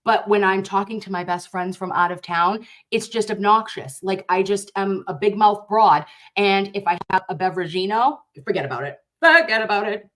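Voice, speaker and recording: A woman from Dorchester with a Boston accent, hosting a casual reaction chat. She talks in an animated, excitable way, swears freely and calls her viewers babe and loves. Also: mid-range voice, normal speed, hardly any pauses. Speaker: host reacting to a juror interview.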